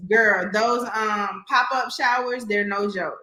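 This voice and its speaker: Woman, Southern American accent, bright and sharp voice, somewhat high, lively folksy chat, echoey room. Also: slow. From Southern United States. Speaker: guest realtor. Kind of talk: casual podcast interview.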